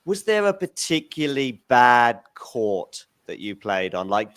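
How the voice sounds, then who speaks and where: A male host of a tennis talk show, chatting casually and warmly with his guest. His pitch swings up and down a lot as he talks. The recording is dry and close, with no room sound. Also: very animated, unhurried, no echo. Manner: friendly, chatty, loose and informal. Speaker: podcast host. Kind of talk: casual interview chat.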